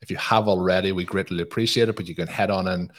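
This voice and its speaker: A man hosts a podcast in a relaxed, chatty way, dropping fillers as he plugs the show and welcomes guests. His voice sits low for a man. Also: quick pace. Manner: chatty, promotional, frequent fillers. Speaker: podcast host. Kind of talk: casual podcast chat.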